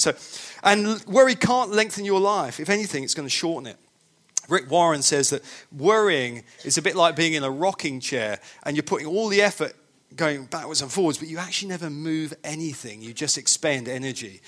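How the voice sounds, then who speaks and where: Emphatic preacher, slightly high voice. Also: male voice, pushed and bright. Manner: emphatic, repetitive, conversational. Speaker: pastor. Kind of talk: sermon.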